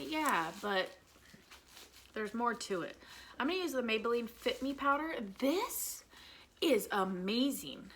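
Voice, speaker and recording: A woman's voice: mid-range voice, lively intonation, measured pace, fairly bright tone, slight background noise, rough recording. A woman, chatting candidly as she does her makeup at home and venting about her son. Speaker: vlogger, mother of an autistic son. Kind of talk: casual makeup vlog chat.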